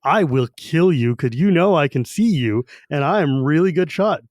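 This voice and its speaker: A man's voice: fairly high pitch, expressive, normal speed, darkish tone, no echo, studio quality, lightly acted. A man voicing a cocky woman archer who talks brashly and brags. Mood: boastful. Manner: brash, bragging.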